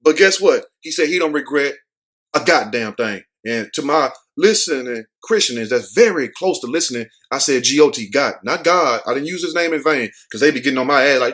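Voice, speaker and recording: A man's voice: medium pitch, expressive, a little fast, a bit bright. A man hosting a show, giving casual, joking news commentary full of cursing and street slang. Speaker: show host.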